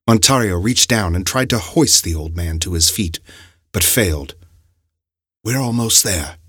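A man narrating an audiobook story with expressive, dramatic delivery. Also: on the low side, breathy edge, dry recording, studio quality.

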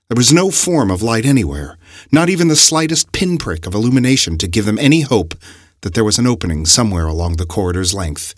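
A man narrating an audiobook story with expressive, dramatic delivery. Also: on the low side, a little fast, no room sound, studio quality.

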